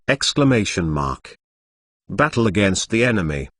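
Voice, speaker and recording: A male text-to-speech voice narrating a translated novel, reading the punctuation marks out loud. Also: mid-range voice, big pitch swings, measured pace, no room sound, studio quality. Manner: reads punctuation aloud, like "exclamation mark" and "dot dot dot". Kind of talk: machine-read novel narration.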